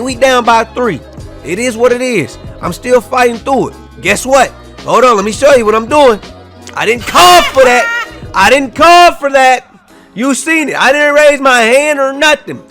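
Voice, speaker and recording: A young man giving casual, animated commentary over a football video game, trash-talking and half-singing his asides. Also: very high-pitched, normal speed. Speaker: gaming YouTuber. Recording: faint music behind.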